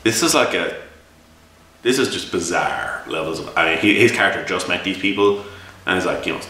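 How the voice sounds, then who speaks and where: A man's voice: low-pitched, lively intonation, fairly quick, sharp tone, a little hiss or hum. An Irish man telling a long, exasperated story about a tabletop game, with many restarts and repeated words. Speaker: game reviewer and game master. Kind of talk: casual spoken review. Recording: echoey room, mic set far off.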